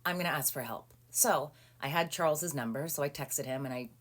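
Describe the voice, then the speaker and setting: A woman telling a personal story in a casual, chatty monologue, full of fillers and acted-out quotes. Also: brisk. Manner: animated, acting out quoted people with rising pitch and volume; chatty with frequent "um" and "like". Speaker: storyteller recounting a personal legal ordeal.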